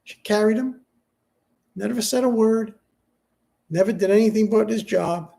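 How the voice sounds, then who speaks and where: A middle-aged man speaks in a personal vlog while grieving, his voice sitting a bit higher than most men's. He talks haltingly and subdued, full of fillers and false starts as he searches for his words. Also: gravelly, mellow. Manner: halting, hesitant, many restarts and fillers. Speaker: vlogger.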